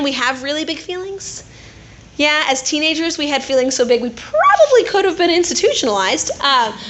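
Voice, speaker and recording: A woman giving a chatty, animated sermon to a gathering of women, often tossing in tag questions like "right?". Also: high voice. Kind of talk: conversational sermon. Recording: roomy echo.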